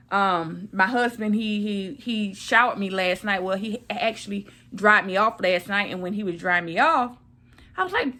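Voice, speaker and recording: A woman's voice: mid-range voice, fairly bright tone. A woman in her thirties talking casually to camera, recovering from surgery and repeating phrases for emphasis. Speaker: vlogger.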